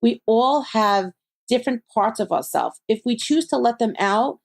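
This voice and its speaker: A woman's voice: a little high, lively intonation, moderate pace, vocal fry. A woman, a psychic medium being interviewed, who talks animatedly and acts out her friends' voices as she tells stories. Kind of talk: conversational interview.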